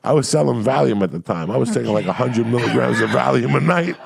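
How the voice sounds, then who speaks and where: A man, a comedian on a podcast, telling profane stories in a loud, crude, rowdy way with a gravelly voice. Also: medium pitch, expressive, fast talker. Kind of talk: profane storytelling.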